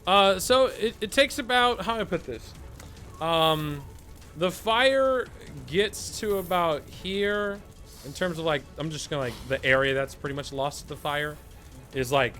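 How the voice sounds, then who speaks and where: Hesitant male game master, lively voice. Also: on the high side. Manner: halting, filler-heavy. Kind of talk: narrating a tabletop game.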